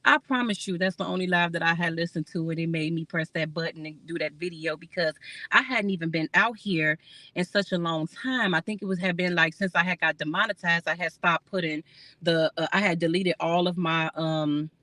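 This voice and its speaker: A woman's voice: fairly low pitch, a little fast, pushed and bright, dry recording. A woman hosting a casual livestream. She talks candidly and rambles, swears freely, laughs often and chats with her viewers. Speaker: livestream host.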